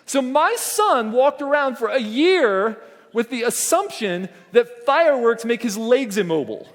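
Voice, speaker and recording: A man's voice: very high voice, a little slow. A middle-aged man giving a motivational conference keynote, telling a family story and acting out the voices in it. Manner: animated storytelling, acts out quoted voices. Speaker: conference speaker. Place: conference hall stage. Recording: long reverb of a large hall.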